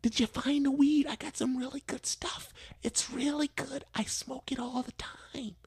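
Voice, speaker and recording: A man voicing a scattered, conspiratorial older woman in a soft, breathy, high whisper. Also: fairly even intonation, moderate pace, dry recording, studio quality, full character voice.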